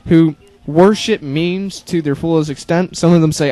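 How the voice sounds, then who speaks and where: A man's voice: a little high, moderate pace, dark tone, faint music behind. Exasperated teenage boy ranting. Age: teens. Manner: sarcastic, exasperated, swears a lot, mocks others in silly voices. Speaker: youtuber. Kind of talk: ranting monologue.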